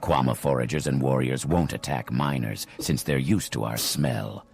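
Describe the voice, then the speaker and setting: An actor playing a gruff, wary male elf egg miner in a video game, with a deep gravelly voice and a curt warning tone. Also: normal speed, faint music behind.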